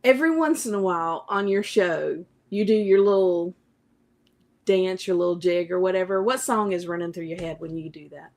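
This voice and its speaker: A woman's voice: lowish voice, normal speed, darkish tone. A woman with a Southern US accent co-hosting a casual podcast chat, laughing often. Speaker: podcast co-host.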